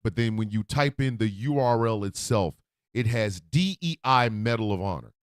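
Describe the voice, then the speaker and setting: A man hosting a radio show, talking from the heart in a profane, emotional monologue that swings into loud outbursts. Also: lowish voice, animated, normal speed, clear, resonant tone, dry recording, studio quality. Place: radio studio.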